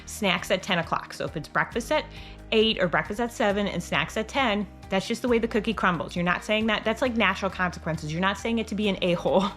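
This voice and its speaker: A woman's voice: medium pitch, quick pace, fairly bright tone, soft background music. Chatty woman host with rambling restarts. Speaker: homeschool channel host. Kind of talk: casual advice talk to camera.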